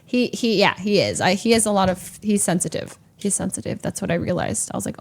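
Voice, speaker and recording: A young woman streamer in casual storytelling chat, animated, laughing often and acting out the people she quotes. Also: medium pitch, moderate pace.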